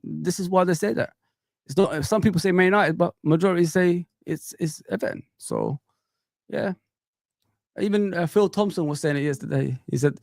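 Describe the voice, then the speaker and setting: Casting note: male fan-channel host, slightly higher voice, rambling and animated with constant fillers, close dry sound. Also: normal speed, vocal fry, no room sound. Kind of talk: casual live reaction chat.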